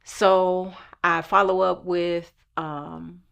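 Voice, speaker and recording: Slow-spoken woman telling her story. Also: fairly low pitch, level tone, creaky, a bit bright, clean tone, lo-fi sound. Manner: earnest, emphatic retelling. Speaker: storyteller recounting her lawsuit. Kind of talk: personal testimony, conversational.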